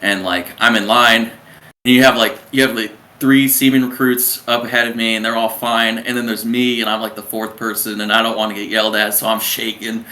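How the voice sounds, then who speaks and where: A man's voice: on the low side, little pitch movement, fairly quick, bright, forceful tone. A young man in his twenties, a submariner, telling his story as an interview guest in a rambling way, full of fillers and restarts. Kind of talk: casual conversational storytelling. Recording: roomy echo, faint background noise.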